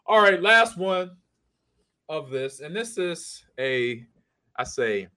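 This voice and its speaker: A man co-hosting a podcast in casual chat, animated and quick to put on silly voices. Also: fairly high pitch. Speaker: podcast co-host.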